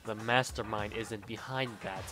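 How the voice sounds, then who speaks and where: Brief: man voicing a cold emo rich boy, low and quiet, clipped and superior. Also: steady tone, measured pace, faint music behind. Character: cold aloof young man, emo type.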